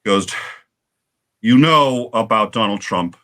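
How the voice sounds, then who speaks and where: Man, casual storytelling, low-pitched, bright tone, animated, halting restarts. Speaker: guest on a livestream panel.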